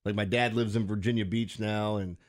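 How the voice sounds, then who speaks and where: A man's voice: fairly low pitch, steady tone, a little fast. A man with a Baltimore accent hosting a sports radio show, talking casually and animatedly with frequent restarts and laughs.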